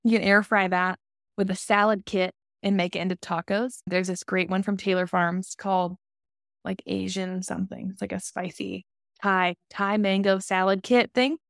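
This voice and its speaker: A young woman in casual podcast chat, her voice carrying a gravelly fry at the ends of phrases. She talks loosely and chattily, leaning on fillers, and the sound is close and dry with no room around it. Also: medium pitch, little pitch movement, moderate pace, no room sound. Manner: chatty, filler-heavy, warm and emotional in farewell. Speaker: podcast co-host.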